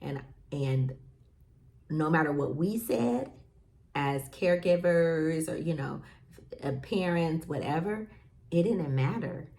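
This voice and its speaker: Casting note: young adult woman host, lower voice, chatty storyteller who says "like" and "you know" a lot. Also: expressive, takes it slowly, creaky, a little mellow. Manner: chatty, storytelling with lots of fillers and acted quotes. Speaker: podcast host. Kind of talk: casual talk to parents.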